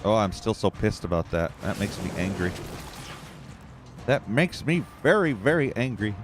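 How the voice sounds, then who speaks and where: A man's voice: fairly low pitch, very animated, normal speed, music in the background. Ranting, profane man streaming a game. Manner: profane, ranting, easily frustrated. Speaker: gameplay streamer. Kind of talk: live gameplay commentary.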